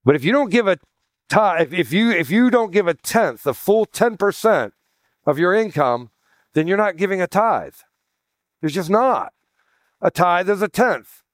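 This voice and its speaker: A man delivers a sermon as pastor, his voice sitting a little high for a man. He teaches in a conversational way, calling out to "guys" and restarting his phrases. The recording is dry, with no room echo. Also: expressive, measured pace, pauses often.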